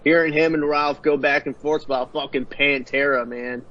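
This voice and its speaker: A man's voice: a little high, steady tone, normal speed, highs cut off. A man co-hosting a casual podcast, rambling with fillers and swearing. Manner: profane, rambling, many fillers. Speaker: podcast co-host.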